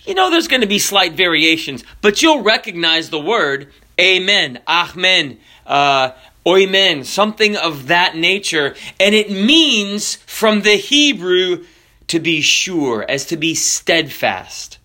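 A man preaching a sermon with jokes and animated storytelling. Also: sits high. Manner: animated, jokey storytelling with drawn-out emphasis.

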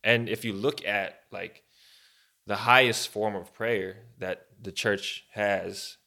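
Man, low gravelly voice, bright tone, casual podcast co-host, rambling. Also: slow. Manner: rambling, animated, many fillers. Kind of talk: casual faith chat.

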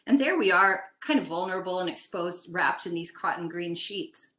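A woman's voice: on the low side, animated, normal speed, bright, forceful tone, echoey room. Older Canadian woman telling a story. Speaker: guest. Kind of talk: casual storytelling.

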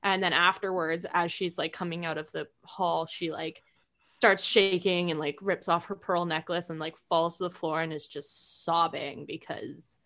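A woman in casual chat, animated and rambling, with lots of fillers and frequent laughter. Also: on the low side, normal speed.

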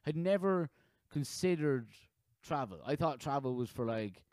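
A man in his thirties hosting a podcast in casual chat, rambling and halting with frequent restarts. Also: fairly high pitch, animated, a little mellow, dry recording. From Ireland. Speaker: podcast host.

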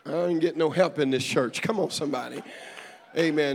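A man preaching a sermon as bishop to a congregation, with call-and-response, "amen" after nearly every line, folksy humor and storytelling, and rising fervor. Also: quick pace. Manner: builds to loud, higher-pitched fervor. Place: church service before a congregation.

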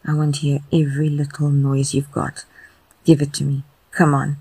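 A narrator voicing an affectionate adult man who speaks in a low, intimate, unhurried way. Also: completely flat delivery, mellow, husky, no room sound, low-quality recording. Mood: tender, coaxing.

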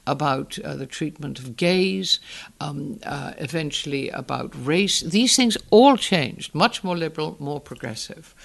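An older woman from the Northeast of England talks with a Northern educated English accent. Her voice carries a gravelly texture. She is articulate and emphatic, measuring each point as an interview guest. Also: on the low side. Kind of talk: reflective interview talk.

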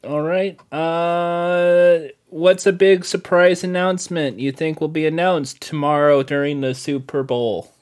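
A man's voice: fairly high pitch, steady tone, measured pace. A man hosting a casual comedy podcast, putting questions to his co-hosts in a mock-formal way. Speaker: podcast host.

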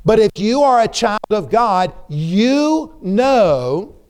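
A man's voice: sits high, normal speed, clean tone. A middle-aged man preaching a sermon, emphatic, repeating words for stress and putting questions to the congregation.

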